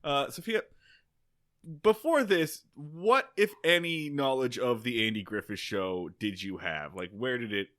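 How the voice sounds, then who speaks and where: A man hosting a podcast in casual chat, speaking in an animated, joking and emphatic way. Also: medium pitch, measured pace. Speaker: podcast host.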